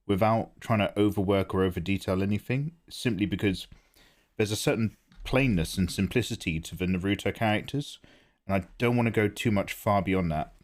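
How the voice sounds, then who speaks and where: A man streaming his drawing live, chatting casually and self-deprecatingly while he explains his choices. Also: on the low side. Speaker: art streamer.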